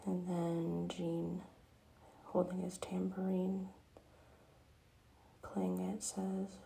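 A woman softly retelling a cartoon episode as whispered role-play. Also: fairly low pitch, completely flat delivery, extremely slow, gravelly, pauses often, slight background noise, low-quality recording. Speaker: storyteller.

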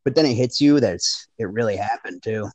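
A man co-hosting a casual chat, joking and swearing in an animated way. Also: fairly low pitch, fairly quick, no room sound, low-quality recording.

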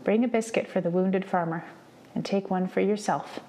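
A kind young nurse tending a child's blistered hands, voiced by a woman reading aloud. Her voice is light, warm and gentle, with a slight gravelly texture, in a storybook reading. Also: medium pitch, fairly even intonation, moderate pace, close to an everyday voice.

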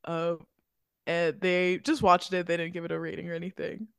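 A woman's voice: on the low side, flat delivery, normal speed, gravelly, fairly bright tone, smooth, no room sound, clean studio sound. A woman co-hosting a film podcast, chatting casually, rambling with fillers and giggling often. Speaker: podcast co-host. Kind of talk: casual chat.

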